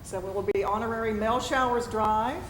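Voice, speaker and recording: Council lady, ex-anchor, chatty and warm, kinda high voice, lots of room noise. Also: steady tone, a little fast. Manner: chatty, affectionate, laughs often. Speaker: city council member, former news anchor. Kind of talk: formal meeting remarks. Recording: noisy meeting chamber.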